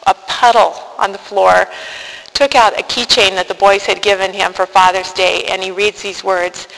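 A woman's voice: mid-range voice, fairly even intonation, normal speed, gravelly, a bit bright. A middle-aged woman giving a heartfelt personal faith testimony, earnest and stumbling over her words at times. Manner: earnest and heartfelt, with frequent restarts. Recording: reverberant hall with faint noise.

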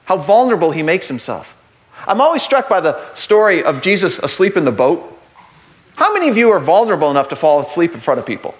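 A man giving a humorous Catholic talk to a group, an animated storyteller who uses jokey asides and builds to earnest points. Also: a little high, quick pace.

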